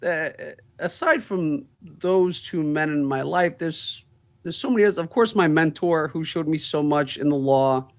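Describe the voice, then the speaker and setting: A man's voice: a little high, lively intonation, normal speed. A man, a law firm's managing partner, telling stories in a casual interview, laughing through the funny parts.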